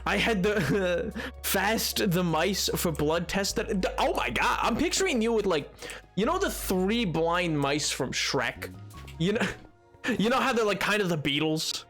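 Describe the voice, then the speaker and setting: A man's voice: sits high, animated, unhurried, fairly bright tone, soft background music. A man live-streaming a game, chatting playfully and joking with his viewers. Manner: playful and joking, talks to chat. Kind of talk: casual live-stream chat while gaming.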